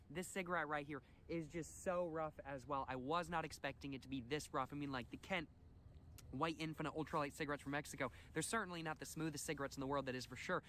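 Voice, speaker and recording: Casting: a quick, slightly high man, mock-earnest vlog narration, faint room ambience. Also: sharp tone, slight background noise. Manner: mock-earnest, repeats catchphrases. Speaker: video creator.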